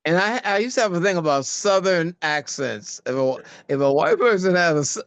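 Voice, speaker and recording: An older man, a guest actor, chatting in an interview and telling stories animatedly, with many halting restarts. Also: smooth, dry recording. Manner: animated storyteller, voice jumping high for quoted asides. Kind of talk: casual interview chat.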